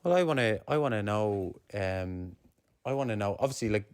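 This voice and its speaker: A man co-hosting a podcast in casual chat, joking and chiming in with quick agreement. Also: lowish voice, expressive, smooth. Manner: jokey, quick backchannels. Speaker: podcast co-host.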